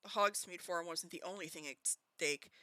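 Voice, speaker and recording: A Canadian woman hosting a casual book club stream, reading a novel aloud in a lively way. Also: lowish voice, normal speed, no echo. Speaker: host, reader. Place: home streaming setup.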